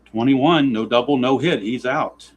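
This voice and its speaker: A man's voice: medium pitch, measured pace, background noise. A man narrating a tabletop baseball simulation in play-by-play style, grumbling with sarcastic exasperation at the dice.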